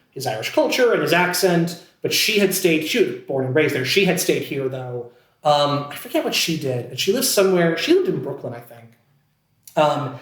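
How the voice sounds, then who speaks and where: A man from Pennsylvania telling a story as a podcast guest, animated and full of fillers and restarts. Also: on the high side, roomy sound. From Scranton, Pennsylvania. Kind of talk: casual storytelling.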